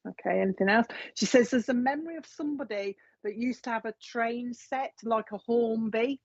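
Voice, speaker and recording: A woman's voice: fairly high pitch, moderate pace, no room sound. A woman giving a live mediumship reading in a chatty, repetitive way. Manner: chatty, repeats messages from spirit. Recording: dull, dry lo-fi sound.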